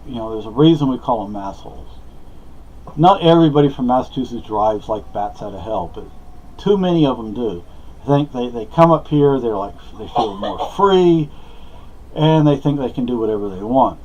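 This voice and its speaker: A man's voice: medium pitch, lively intonation, normal speed, a little mellow, muffled recording. A man talking casually to camera in a rambling, hesitant way, full of fillers and restarts. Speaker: vlogger.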